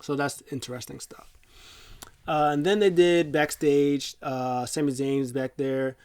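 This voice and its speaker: A man's voice: on the high side, steady tone, measured pace, a little mellow, clear, resonant tone. Chatty man recapping a wrestling show. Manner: rambling, chatty retelling with fillers. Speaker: host.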